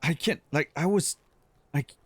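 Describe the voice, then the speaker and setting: A man's voice: on the high side, a little slow, husky, no echo. A young man streaming a game, chatting casually with viewers, swearing and laughing often. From Switzerland. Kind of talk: casual gameplay chat with viewers.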